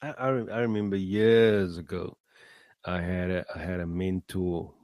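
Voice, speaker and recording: A man's voice: low-pitched, little pitch movement, normal speed, darkish tone, no room sound. A man hosting a show, giving an earnest motivational talk full of fillers and repeated words. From South Africa. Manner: earnest, rising emphasis on key phrases. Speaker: podcast host. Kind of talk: motivational monologue.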